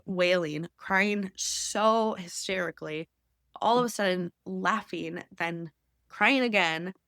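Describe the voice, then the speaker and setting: A young adult woman hosting a podcast, telling a deeply personal story in an intimate, emotional way that sometimes drops to a whisper. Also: fairly bright tone, dry recording, clean studio sound. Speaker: podcast host.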